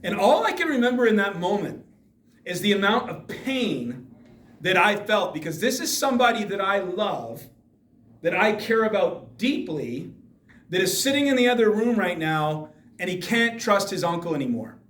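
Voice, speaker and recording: A man's voice: high voice, big pitch swings, normal speed, fairly bright tone. A man giving an emphatic motivational talk to students in a school hall, firing rhetorical questions at the audience. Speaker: speaker addressing students. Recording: echoey room from far off.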